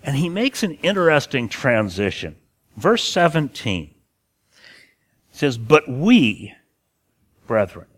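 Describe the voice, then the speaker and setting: A man's voice: mid-range voice, big pitch swings, slow pace, pauses often. A man teaching a passage of scripture in an earnest way, stressing key words and sometimes restarting phrases. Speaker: preacher. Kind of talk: expository Bible teaching.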